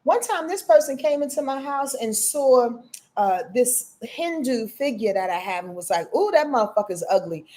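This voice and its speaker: A woman's voice: high-pitched, expressive, normal speed, dark tone. A woman astrologer doing live-stream readings, frank and affectionate, calling her viewers honey and baby and swearing freely. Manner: frank, affectionate, profane, chatty.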